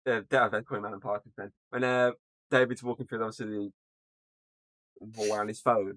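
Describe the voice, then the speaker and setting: A man's voice: on the low side, flat delivery, fairly quick, fairly bright tone, no room sound. A man co-hosting a podcast, casually recapping a film, laughing often and leaning on "obviously". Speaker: podcast co-host.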